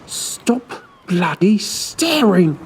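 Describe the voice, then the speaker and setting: A woman voicing a fearless, wry young man who scolds in a hushed voice. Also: low-pitched, fairly even intonation, normal speed. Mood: scolding. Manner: hissing through teeth, scolding.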